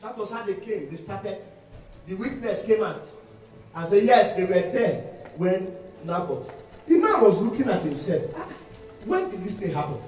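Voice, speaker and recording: Male pastor, sermon, emphatic shouting and sung phrases, very high voice, booming reverberant hall. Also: big pitch swings, normal speed. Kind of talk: preaching a sermon. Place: church hall during a live service. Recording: echoey hall, distant mic, faint music.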